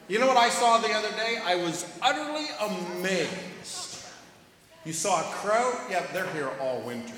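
A man leading a children's sermon in church, playful and animated, asking the kids lots of questions. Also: high voice. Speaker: pastor giving children's sermon. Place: church sanctuary. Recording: reverberant church hall.

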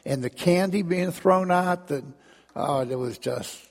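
A middle-aged man preaching a folksy storytelling sermon, halting and repeating words as he acts out crowds and sounds. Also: high voice, vocal fry, in a large hall. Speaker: pastor.

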